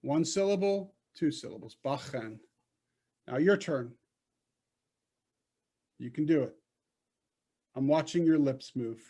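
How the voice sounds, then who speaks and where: Slow, patient male Hebrew teacher. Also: fairly high pitch, lively intonation, dark tone. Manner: patient, coaching, slow and deliberate. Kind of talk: online class instruction. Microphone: video call.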